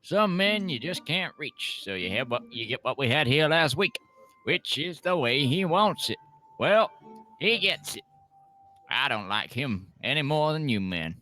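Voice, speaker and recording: A man doing a stern, slow-talking Southern prison captain impression from a film, with an American Southern accent. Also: on the high side, sing-song, pushed and bright, soft background music, heavily acted. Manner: slow, drawn-out delivery.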